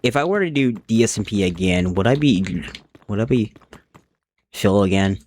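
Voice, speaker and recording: Young man, slightly low voice, casual rambling, live game stream, thinking aloud, desk mic, keyboard typing behind. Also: lively intonation, normal speed, a little mellow, a little hiss or hum. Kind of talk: casual live-stream chat while gaming.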